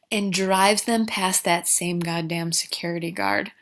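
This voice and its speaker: A woman's voice: mid-range voice, a little slow, few pauses. A woman comically recapping a movie plot, full of sarcastic, profane asides.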